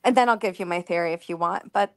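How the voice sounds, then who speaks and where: A woman's voice: lowish voice, fast talker, no echo, studio quality. A woman calling into a live stream as a viewer, talking in a hesitant, casual way.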